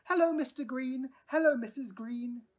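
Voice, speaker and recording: Lindi, a woman doing a high excited little girl. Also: moderate pace, lightly acted. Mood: delighted. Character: spirited little girl who befriends an elephant.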